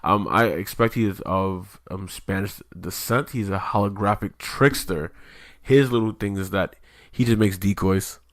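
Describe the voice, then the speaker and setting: A man's voice: deep voice, measured pace, dry recording, clean studio sound. A man co-hosting a podcast in loose casual chat, rambling with lots of fillers and swearing. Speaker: podcast co-host.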